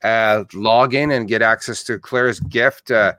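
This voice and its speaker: A man's voice: fairly low pitch, steady tone, unhurried, bright, forceful tone, no room sound. Chatty Canadian man hosting, dry sound. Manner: friendly, chatty with filler "uh"s. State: morning voice. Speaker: interview host. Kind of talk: casual online interview.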